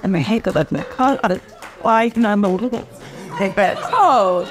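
A woman's voice: medium pitch, lively intonation, a little slow. A woman in the audience answering in a giggly, rambling way. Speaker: audience member. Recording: room full of audience voices.

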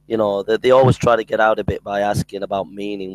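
A man's voice: fairly low pitch, steady tone, a little fast, no echo, low-quality recording. Emphatic man in a dry, close recording. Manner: emphatic, repeats phrases, mimics opponents. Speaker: Christian apologetics speaker. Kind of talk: casual monologue.

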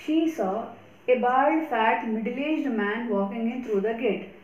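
A woman teaching an English grammar lesson, explaining each answer slowly and deliberately, repeating key words. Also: fairly high pitch, darkish tone, dull audio, slight background noise. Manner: slow, deliberate explanations with repetition. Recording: echoey room.

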